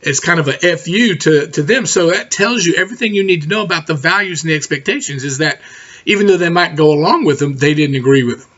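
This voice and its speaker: A middle-aged man teaching a college writing class in a recorded lecture, talking fast and direct, often checking in with "okay?". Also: fairly high pitch, animated, fairly bright tone. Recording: dull lo-fi recording.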